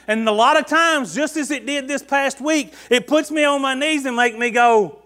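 High-voiced folksy preacher man. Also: normal speed, hardly any pauses, fairly bright tone. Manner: folksy, conversational preaching with rhetorical questions. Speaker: pastor. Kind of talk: sermon.

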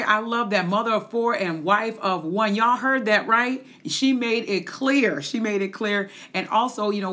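A woman hosting a Christian podcast, with a lively, preacher-like, sing-song delivery, in her forties. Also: mid-range voice. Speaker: podcast host.

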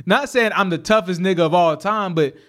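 A young man telling a story in casual chat, animated and profane, laughing often as he talks. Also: high-pitched, normal speed. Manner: animated, laughs often, profane street slang, repeats and restarts.

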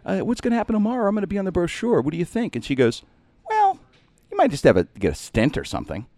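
A man's voice: sits high, fast, no echo. A middle-aged man hosting a show, telling a long comic story in casual chat and acting out other people's lines. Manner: animated, jokey, acts out other people's lines.

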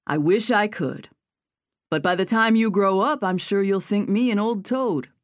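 A woman's voice: mid-range voice, a little slow, no echo, studio quality, natural voice. A woman voicing a flirtatious, playful cowboy playboy who speaks in a mock-princely, gallant way. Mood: teasing.

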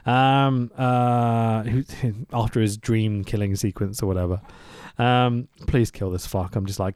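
A man hosting a casual podcast, recapping a film in an animated, sweary rant full of laughs. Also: medium pitch, normal speed, hardly any pauses, clean tone, dry recording, studio quality. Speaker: podcast host.

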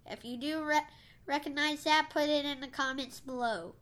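A woman co-hosting a casual podcast chat, talking haltingly with many restarts. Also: high-pitched, fairly even intonation, a bit bright. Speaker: podcast co-host.

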